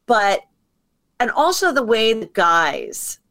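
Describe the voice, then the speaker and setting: A woman comedian telling stories as a podcast guest, chatty and quick to act out what people said. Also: on the high side, sing-song, a bit bright. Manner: chatty storyteller acting out quotes. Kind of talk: casual podcast chat.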